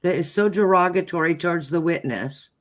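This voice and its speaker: A woman's voice: on the low side, fairly quick. Indignant woman ranting in casual chat. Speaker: co-host. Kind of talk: casual chat commenting on a trial.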